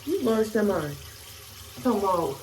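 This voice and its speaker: A young woman with a Maryland accent, telling a casual storytime to her camera in a slangy, animated way. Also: mid-range voice, slow, recorded from a distance, a little hiss or hum, low-quality recording. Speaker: vlogger.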